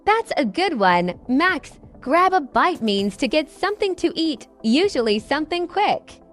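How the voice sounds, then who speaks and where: A woman's voice: high-pitched, sing-song, unhurried, faint music behind. A woman co-hosting a scripted English lesson podcast, upbeat and explaining phrases with examples. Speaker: co-host and English teacher.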